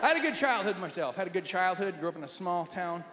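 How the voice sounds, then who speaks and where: Stand-up comic, man from Nebraska, high voice, big echoey hall with a roaring crowd. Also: fast, very noisy. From Nebraska, USA. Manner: wry, animated storytelling. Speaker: stand-up comedian. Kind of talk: stand-up comedy. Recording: echoey hall, loud audience.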